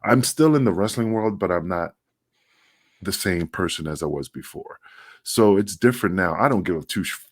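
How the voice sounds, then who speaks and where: A middle-aged man with a very low, heavy voice talks bluntly in a casual podcast chat, swearing without a second thought and stumbling back over his own words. The sound is close and dry, with no room around it. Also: animated, normal speed, no room sound. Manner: blunt, emphatic, swears freely, frequent restarts. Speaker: podcast co-host, former wrestler.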